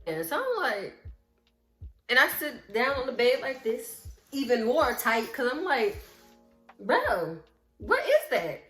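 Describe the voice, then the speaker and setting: A woman vlogger telling a story in casual chat, lively, acting out what people said and talking straight to her viewers. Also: a little high, unhurried. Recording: roomy echo with faint music.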